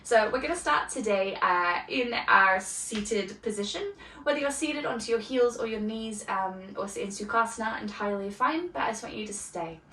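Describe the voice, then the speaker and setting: A woman teaching a beginner yoga class, cueing breath and movement in a calm, soft-spoken way with gentle pauses. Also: fairly high pitch. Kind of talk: guided yoga class instruction. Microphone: camera mic from a distance. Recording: roomy echo, voice from a distance, faint ambience.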